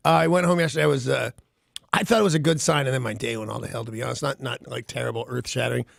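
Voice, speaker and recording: A man's voice: mid-range voice, fairly even intonation, rapid-fire, vocal fry, fairly bright tone, no room sound, clean studio sound. A man hosting a radio show, telling rambling stories in casual banter and laughing often.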